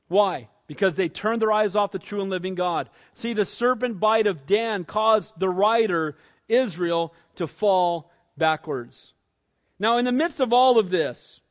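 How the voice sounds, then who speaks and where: Casting: male pastor with a strikingly high voice, lively, chatty sermon delivery. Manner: lively, conversational preaching, asks the listeners questions.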